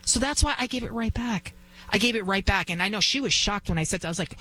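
A woman's voice: mid-range voice, a little fast, bright, forceful tone, poor audio. A woman in her forties hosting talk radio, telling an indignant story and acting out a quarrel. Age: 40s. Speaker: radio host.

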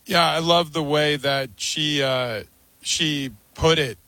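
A man's voice: a little high, fairly even intonation, slow, bright, forceful tone, no room sound, low-quality recording. A man on a sports talk panel speaking in an earnest, emphatic way.

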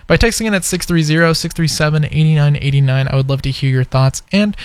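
A man's voice: fairly high pitch, a little fast, clean tone, no echo. A young man hosting a college radio show, chatting casually and rambling with lots of fillers into a studio mic. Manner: rambling, filler-heavy, conversational. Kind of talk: casual on-air chat.

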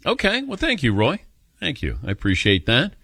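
Animated male radio host telling a story. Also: mid-range voice, moderate pace, breathy edge, no echo, clean studio sound. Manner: animated storyteller, acts out quoted voices. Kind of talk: casual radio talk show storytelling. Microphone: studio microphone.

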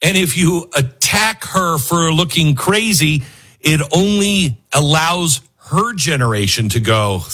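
A man's voice: a little high, takes it slowly, breathy edge. A man hosting a political talk show, giving an opinionated, sarcastic monologue and laughing often. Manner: animated, sarcastic, laughs often and mimics people.

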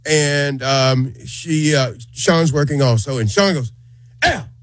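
A man's voice: a little high, takes it slowly, no echo. A man, co-hosting a morning radio show and telling a story, acting out the voices of the people in it. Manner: animated storyteller, acts out quoted voices.

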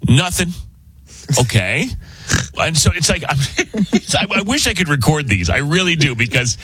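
Lively husky-voiced man telling a story. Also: a little high, normal speed, no echo. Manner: animated, laughs often, acts out quoted voices. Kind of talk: casual storytelling chat.

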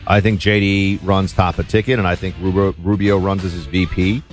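A man hosting a talk radio show, giving breezy, quick opinions with frequent restarts. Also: sits low, level tone, soft background music.

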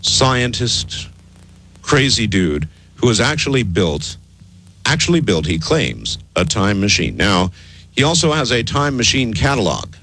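A man's voice: unhurried, a little hiss or hum. A man hosting a call-in radio talk show, taking callers and talking emphatically to his listeners. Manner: animated, emphatic, swoops low for mock voices.

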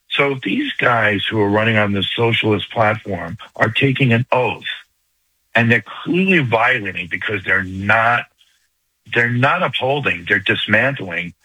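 An older man with a New York accent, calling in to a radio show and making his point fast and urgently. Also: fairly low pitch, bright, forceful tone, breathy edge, no echo, poor audio. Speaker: caller. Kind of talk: call-in radio talk.

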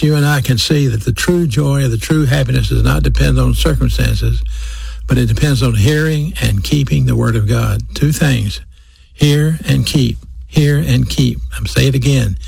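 A man preaching a sermon, speaking slowly and deliberately and repeating key phrases for emphasis. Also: medium pitch, vocal fry, darkish tone, slightly rough, no room sound.

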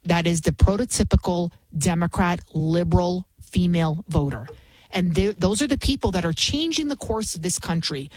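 A woman's voice: fairly low pitch, expressive, moderate pace, a little mellow, breathy edge, no room sound, low-quality recording. A woman in her forties hosting a radio talk show, telling a story in a combative, ranting manner. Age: 40s. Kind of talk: opinionated radio monologue.

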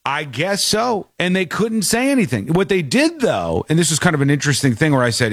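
Man, animated storyteller, casual chat, lively higher voice. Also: brisk, dry recording, clean studio sound. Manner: animated storytelling, acting out quotes in shifting voices. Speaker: podcast host.

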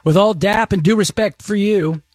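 A man hosting a consumer tech radio show, talking in a folksy, chatty, energetic way. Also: high voice, normal speed, dry recording, clean studio sound. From Texas. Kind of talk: casual radio talk show.

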